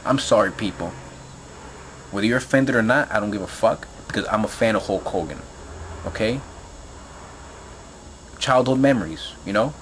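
This man has a lowish, animated voice and talks at a moderate pace, breaking off for long pauses. He's a video blogger ranting angrily and profanely to camera, rambling and repeating himself with lots of fillers. A little hiss or hum runs under the audio.

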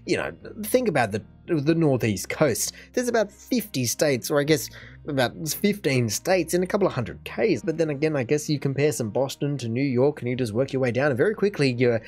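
A man's voice: medium pitch, expressive, brisk, darkish tone, soft background music. An Australian man hosting a reaction video, chatting casually and thinking aloud while he acts out other people's lines. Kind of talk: casual commentary.

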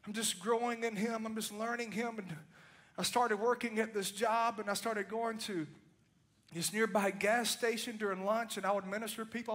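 Very high-voiced impassioned male preacher. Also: fairly bright tone. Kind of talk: sermon.

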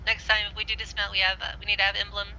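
A woman in a gaming squad giving brisk, procedural reports. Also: mid-range voice, completely flat delivery, vocal fry, sharp tone, lo-fi sound, a little hiss or hum. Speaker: squad member in the game. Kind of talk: radio-style squad talk.

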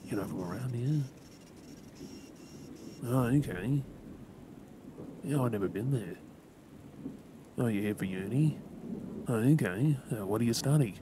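Soft Australian man, whispered role-play. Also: mid-range voice. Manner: soft, gentle and reassuring, halting with fillers. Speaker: ASMR creator. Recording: rain and thunder noise behind. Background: steady rain and thunderstorm.

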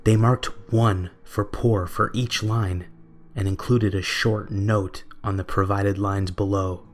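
A young adult man reading a scripted horror story in a measured, steady way. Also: fairly low pitch. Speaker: narrator.

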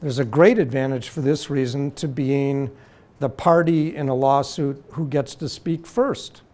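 A man giving a university law lecture in a deliberate, measured way, slowing to stress key terms. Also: mid-range voice, darkish tone.

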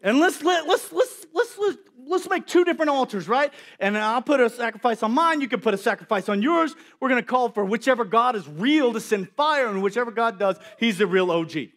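A man voicing a bold, defiant male prophet in a sermon, loud and taunting. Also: extremely high pitch, lively intonation, fairly quick, few pauses, full character voice. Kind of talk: sermon with acted-out scenes.

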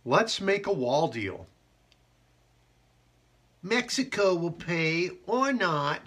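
A man's voice: high voice, big pitch swings, a bit bright, voice pushed up, exaggerated voice. A man putting on an impression of a blustering older male politician, drawing out his words in a brash, boastful way. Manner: brash, drawn-out, boastful delivery.

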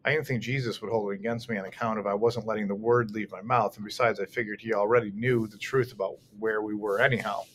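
A man's voice: fairly low pitch, fairly even intonation, quick pace, few pauses, slight background noise. A man reading a first-person novel aloud as an audiobook narrator, telling it expressively with occasional restarts.

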